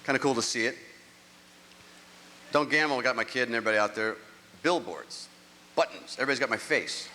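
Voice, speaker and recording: A man's voice: medium pitch, animated, fairly quick, long pauses, sharp tone, a little hiss or hum. A middle-aged man performing a rambling, self-mocking stand-up comedy set on stage. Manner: rambling, self-mocking storytelling with act-outs. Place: large live venue, on stage. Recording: live show audio with long hall reverb.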